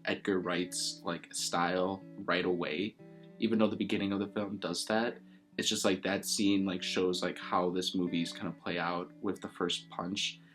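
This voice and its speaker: This is a young man in a casual interview, his voice sitting low. He rambles with eager enthusiasm, stringing thoughts together with constant fillers. Faint guitar plays in the background. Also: a bit bright. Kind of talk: casual chat about a favorite film.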